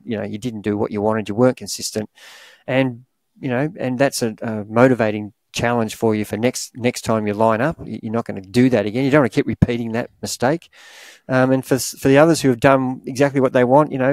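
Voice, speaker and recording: A middle-aged Australian man talks athletes through their mindset in a loose, encouraging way, often restarting his sentences. His voice sits at an ordinary pitch. The recording is dry and close. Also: darkish tone, dry recording. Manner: rambling, encouraging, many restarts and "you know". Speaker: triathlon coach, podcast co-host. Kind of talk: casual podcast advice.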